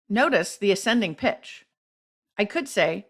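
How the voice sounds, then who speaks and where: Female podcast host, middle pitch, measured instructive read of speech advice. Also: animated, fairly bright tone. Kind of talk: scripted explanation of speech tips.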